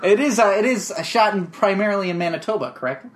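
A man's voice: sits high, animated, fast talker, a little hiss or hum. A man hosting a podcast, chatting casually in a wry, rambling way as he reviews a film. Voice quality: rambling, wry, full of restarts. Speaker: podcast host. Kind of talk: casual chat.

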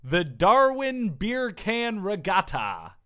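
A man's voice: high-pitched, slow. A man hosting a comedy podcast, bantering and joking with his co-hosts and laughing often. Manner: jokey, laughs often, animated. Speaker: podcast host.

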